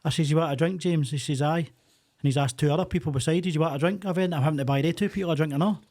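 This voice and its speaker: Male guest, mellow, quick; dry teasing delivery, dead-dry close sound. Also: on the high side, dry recording. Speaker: podcast guest. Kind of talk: casual chat.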